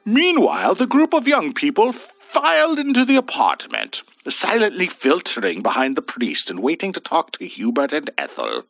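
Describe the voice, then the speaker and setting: A man's voice: high voice, wildly swooping pitch, unhurried, vocal fry, a bit bright, no echo. A man narrating a scripted horror story with a theatrical, swooping delivery. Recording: dull dry lo-fi voice.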